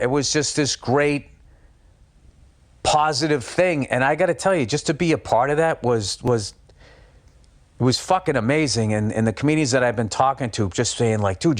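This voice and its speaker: A man's voice: fairly high pitch, no echo. A man, a comedian, telling a rambling, profane story on a podcast with lots of fillers. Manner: animated, swears a lot, rambles with fillers.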